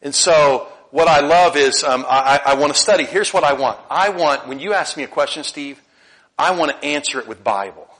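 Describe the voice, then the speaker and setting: A middle-aged man preaches to his congregation in a loose, conversational way. His voice is bright and sits a little high, and he often stumbles over repeated words before breaking into lively, animated stretches. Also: normal speed, rough recording. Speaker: pastor. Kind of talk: sermon.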